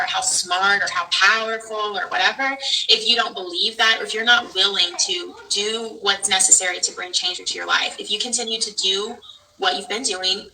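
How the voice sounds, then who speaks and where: A woman guest answering interview questions in a very bright, crisp voice, speaking earnestly and handing out firm advice. She sits some distance from the mic, with a faint hiss underneath. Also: medium pitch. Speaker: spiritual guest.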